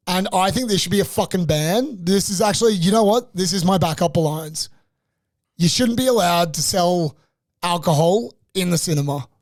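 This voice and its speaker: High-voiced, gravelly, profane young man. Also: dry recording, clean studio sound. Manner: animated, profane ranting storyteller. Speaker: podcast co-host. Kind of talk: casual storytelling chat.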